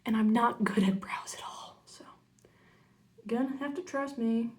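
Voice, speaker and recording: A young woman chatting casually through a makeup tutorial, rambling into side stories and muttering quietly while she works. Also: fairly high pitch, unhurried. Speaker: makeup vlogger.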